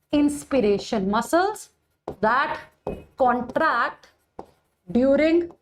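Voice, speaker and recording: A woman's voice: sits high, a little hiss or hum. A woman with an Indian English accent teaching a biology exam-prep lecture online, repeating key points and checking with students. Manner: addresses students with Hindi endearment "bache".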